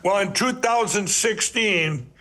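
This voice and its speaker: A man with a high, forceful voice tells his story as a guest on a talk show. He talks earnestly and rambles, stumbling over restarts and repeating himself as he drives each point home. He often turns to address his listeners directly. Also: takes it slowly. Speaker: podcast guest. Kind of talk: telling his life story in an interview.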